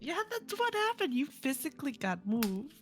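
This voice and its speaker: A woman's voice: high voice, very animated, normal speed, soft background music. A woman playing a tabletop game, teasing the others and laughing often. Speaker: player. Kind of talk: casual tabletop game chat.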